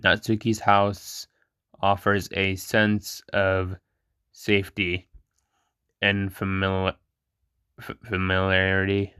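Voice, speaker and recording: Guy reading an ai chat out loud, low voice, dry sound, trips over words sometimes. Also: takes it slowly, pauses often, clean tone, dry recording. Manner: monotone reading with stumbles and blunt reactions. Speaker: channel host reading an AI chat. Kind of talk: reading a chatbot role-play aloud.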